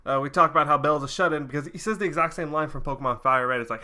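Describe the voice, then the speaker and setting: A young man chats through a casual recap for his reaction video. His voice is bright and forward, and he rambles, stumbling and restarting with plenty of fillers. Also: a little high, rapid-fire.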